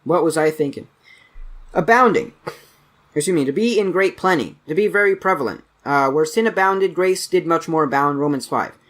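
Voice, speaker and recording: Man reading a dictionary aloud, higher voice. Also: expressive, a bit bright. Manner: brisk, with stumbles and self-corrections. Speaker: channel host reading aloud.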